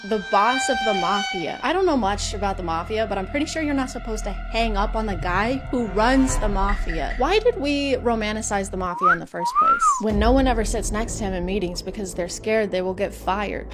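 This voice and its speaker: A woman's voice: mid-range voice, sing-song. Sarcastic woman reacting, music behind. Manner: sarcastic, exasperated, quick asides. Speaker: reaction video host. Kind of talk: casual reaction commentary.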